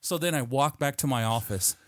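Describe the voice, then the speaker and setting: This middle-aged podcast host has a mid-range, slightly fast voice, recorded clean in a studio with no echo. He tells stories animatedly in a casual chat, swearing freely and acting out quotes.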